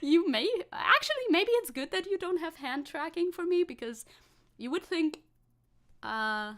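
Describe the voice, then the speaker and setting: A woman's voice: very high voice, expressive, measured pace, fairly bright tone. A woman chatting on a live stream, rambling and scatterbrained, laughing often between thoughts. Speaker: VTuber streamer. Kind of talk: casual live-stream chat.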